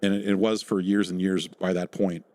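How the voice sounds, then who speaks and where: A man hosting a casual podcast, rambling and profane, who breaks into loud mock quotes. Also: deep voice, little pitch movement, normal speed, noisy background. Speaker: podcast host recalling work in online game media. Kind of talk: casual chat with gameplay.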